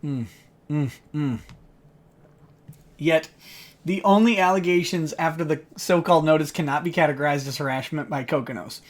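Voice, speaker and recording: A man's voice: a little high, moderate pace, long pauses. Sardonic man reading a legal filing. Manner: sardonic, mocking asides between read-out passages; laughs often while reading. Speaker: lawyer live-streamer. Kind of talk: live-stream commentary reading a legal motion aloud.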